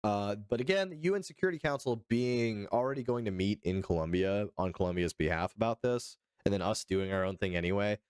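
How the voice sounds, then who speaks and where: His lowish, slightly mellow voice is clear and resonant, and he talks fairly quickly with few pauses. The young Arizona host chats with viewers by name and reads articles aloud on a casual political livestream, adding loose, profane remarks. It's a dry, clean studio recording.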